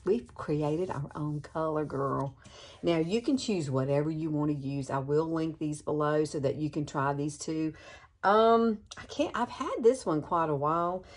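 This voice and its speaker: A woman's voice: low voice, darkish tone. A woman in her sixties giving a chatty, enthusiastic makeup tutorial to the camera, calling her viewers girlfriends. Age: 60s. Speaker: beauty vlogger.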